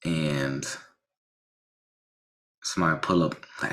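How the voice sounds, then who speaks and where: A man casually telling a personal story about a car accident, animated, with frequent restarts and blunt swearing. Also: rumbling low, measured pace.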